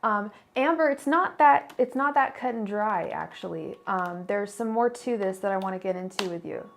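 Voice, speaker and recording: Chatty gravelly-voiced woman reading tarot. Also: medium pitch, animated, moderate pace. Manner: chatty, apologetic, full of fillers and restarts. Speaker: tarot reader. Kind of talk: casual livestream tarot reading.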